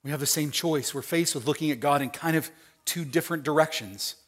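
A middle-aged man preaching a sermon, acting out quoted voices and swinging between hushed, tender lines and loud, emphatic ones. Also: fairly high pitch, brisk. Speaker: pastor.

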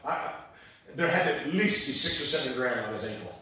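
A male pastor preaching a sermon, telling stories in an animated, humorous way, recorded in a church auditorium. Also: medium pitch, a little fast. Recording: echoey church hall from far off.

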